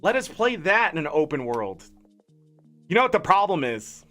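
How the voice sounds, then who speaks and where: High bright guy ranting while streaming, fired up and indignant, music low behind. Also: big pitch swings, normal speed. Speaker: gaming streamer. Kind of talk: ranting casual chat.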